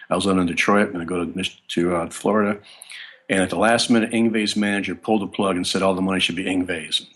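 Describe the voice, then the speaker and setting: A man with a very low, deep voice talks through his memories as an interview guest. He rambles from one anecdote to the next, stopping and restarting his sentences as he goes. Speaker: guest bassist. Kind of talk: casual interview storytelling.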